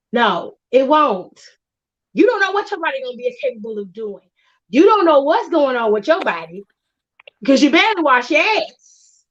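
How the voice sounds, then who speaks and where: A woman's voice: sits high, a bit bright. A woman co-hosting a casual chat, talking bluntly and profanely and laughing often. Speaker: podcast co-host. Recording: dull lo-fi sound.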